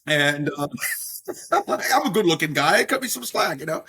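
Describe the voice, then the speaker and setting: A middle-aged man speaks as a podcast guest with a husky voice. He tells stories in a rambling, chatty way and often tacks on "if you will". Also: fairly high pitch, very animated, unhurried, pushed and bright. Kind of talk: casual storytelling interview.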